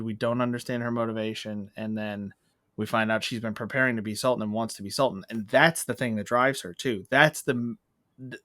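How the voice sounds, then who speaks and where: A man in a casual movie review chat, rambling and animated, acting out bits of scenes as he goes. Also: medium pitch, no room sound, clean studio sound. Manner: rambling, animated, acts out quotes. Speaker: podcast co-host.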